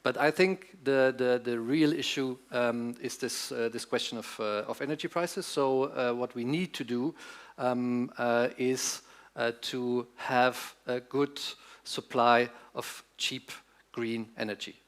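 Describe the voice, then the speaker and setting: A man with a German accent speaks as a debate panelist at a conference event. His voice sits at a middle pitch, and he hesitates often, filling pauses and restarting his phrases. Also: steady tone. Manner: hesitant, many fillers and restarts.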